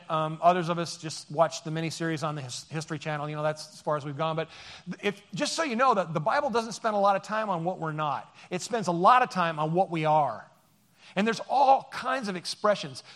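A man's voice: high voice, a bit bright. A man giving a conversational sermon as pastor, joking and rambling with many fillers.

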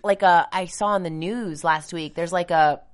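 A woman chatting casually on a panel, animated and quick to laugh. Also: lowish voice, clean tone. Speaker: actor and show guest. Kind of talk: casual chat.

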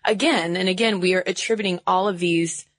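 A woman's voice: on the low side, steady tone, a little fast, no room sound. A woman from the Southern United States co-hosting a podcast, explaining research in a casual chat and laughing easily. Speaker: podcast co-host.

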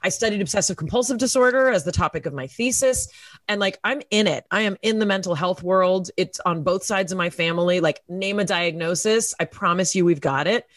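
Woman guest, candid and self-mocking, lots of fillers; slightly low pitch, dry recording. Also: a little fast, dry recording. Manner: candid and self-deprecating, laughs often; frequent "like" and "you know" fillers. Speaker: guest, actress and podcaster. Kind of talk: candid interview chat.

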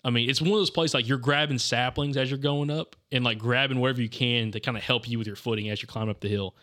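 A man's voice: mid-range voice, steady tone, quick pace, sharp tone. A young man hosting a podcast, telling a hunting story in loose, rambling casual chat full of "dude" and "like.". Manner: rambling, says "dude" and "like" constantly.

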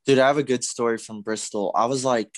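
A young man co-hosting a casual podcast chat, telling stories excitedly with loud acted-out yells and plenty of swearing. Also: mid-range voice, quick pace, no room sound. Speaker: podcast co-host.

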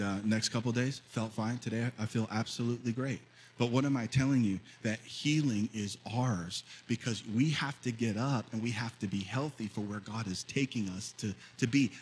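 A man in his fifties preaching a sermon as pastor, telling a story and then rising to loud, fervent preaching. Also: medium pitch, moderate pace, slight background noise, poor audio. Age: 50s.

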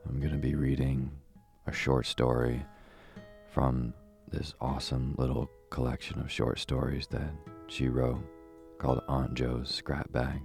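A man's voice: very deep voice, measured pace, gravelly, faint music behind. A man hosting a bedtime story show, chatting informally and then reading a story aloud in a soothing way. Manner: relaxed, informal. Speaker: bedtime story podcast host.

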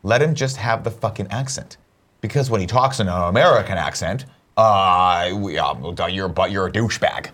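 A man's voice: fairly low pitch, moderate pace, fairly bright tone. A man hosting a casual talk show, joking and swearing as he rambles through his opinions. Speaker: show host. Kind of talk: casual chat.

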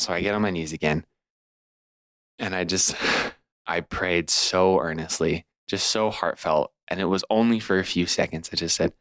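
Earnest young man with a deep voice. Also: normal speed, fairly bright tone, no echo. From California, USA. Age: 20s. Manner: earnest and heartfelt, laughs at himself. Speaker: podcast guest. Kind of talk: personal storytelling.

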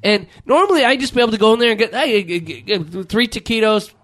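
A man with a high-sitting, lively voice talks fast in a fairly bright tone. Hosting a casual chat, he rants in exasperation with plenty of swearing, putting on mock voices whenever he quotes someone.

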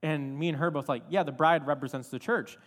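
A man's voice: fairly high pitch, brisk. Chatty young man preaching in a hall. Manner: animated, chatty with many fillers. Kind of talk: storytelling sermon. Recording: reverberant hall.

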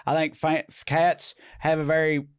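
A man, co-hosting a casual podcast. He rambles through stories, cracks crude jokes, and his voice sits a little high for a man. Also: flat delivery, measured pace, smooth. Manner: crude, joking, rambling storyteller. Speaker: podcast co-host.

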